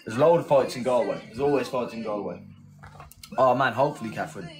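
Poor audio captures a mid-range, lively voice talking fast: an English livestream host chatting casually, thanking viewers and rallying his team. Loud music plays in the background.

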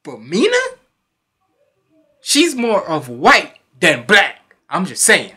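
A man's voice: sits high, huge pitch swings, takes it slowly, sharp tone, breathy edge. A young man hosting a reaction video, bantering in a laid-back, joking way and often apologizing. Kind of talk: casual reaction commentary.

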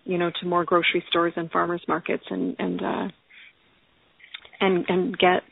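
A woman's voice: on the low side, monotone, normal speed, creaky, a little hiss or hum. A woman guest in casual conversation who talks with enthusiasm, often laughs and repeats her words. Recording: tinny phone line.

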